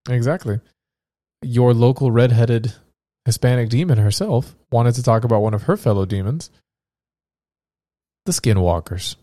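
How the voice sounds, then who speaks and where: A man's voice: medium pitch, normal speed, pauses often, warm tone, dry recording, studio quality. A man who is sick, hosting a casual podcast and reading out research in a joking, rambling way that often breaks off mid-thought. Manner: joking, rambling, self-interrupting. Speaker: podcast host.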